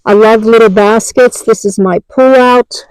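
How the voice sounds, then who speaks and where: A woman's voice: fairly high pitch, fairly even intonation, measured pace, a little mellow, smooth, no room sound, low-quality recording. An older woman giving a chatty, homey show-and-tell tour from inside her parked car, naming items one by one. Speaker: vlogger.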